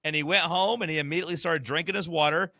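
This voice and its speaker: A man's voice: a little high, fast talker, creaky, bright, forceful tone, dry recording, studio quality. A man co-hosting a podcast in casual chat, blunt, profane and joking. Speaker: podcast co-host.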